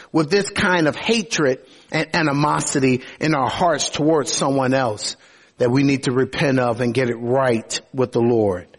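A man's voice: on the high side, breathy edge. A man preaching a sermon expressively, often opening his sentences with "oh". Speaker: pastor.

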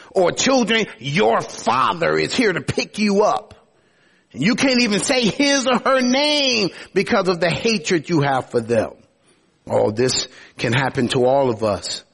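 Man, pastor, sermon, husky voice, lively swooping pitch, slightly high. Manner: expressive preaching, often starting with "oh".

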